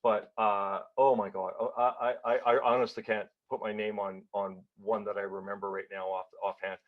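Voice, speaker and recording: A man's voice: fairly low pitch, little pitch movement, normal speed, phone-quality sound. A man interviewing an author at a live library event, enthusiastic and restarting his sentences as he talks. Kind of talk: live onstage conversation.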